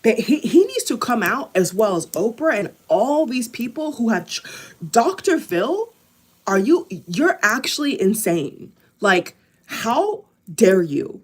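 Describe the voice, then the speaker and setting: An American woman vlogs an angry political rant to camera, heated and hammering the same phrases over and over. Her voice is a little high with a breathy edge.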